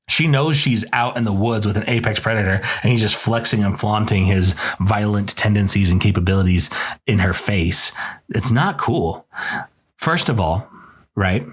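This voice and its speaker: A man hosting a podcast, giving a casual, opinionated book review in an indignant, emphatic way. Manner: indignant, emphatic, voice jumps higher when worked up.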